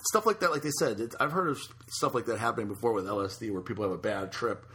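Give me a fast, bright-voiced man hosting a podcast, loose and blunt. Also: fairly low pitch, a little hiss or hum. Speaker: podcast host. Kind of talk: casual podcast chat.

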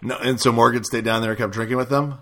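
A man's voice: mid-range voice, fairly even intonation, fast talker, fairly bright tone. A man hosting a radio show, chatting casually with a caller and planning the next segment. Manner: conversational, plans the show. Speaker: radio host. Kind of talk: casual chat.

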